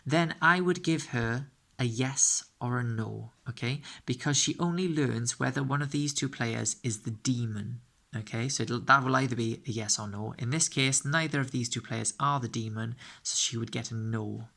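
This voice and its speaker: A man's voice: mid-range voice, normal speed, creaky, sharp tone. A man explaining the rules of a game step by step. He often checks in with "okay?" and corrects himself as he goes. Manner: frequent fillers and self-corrections. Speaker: game tutor.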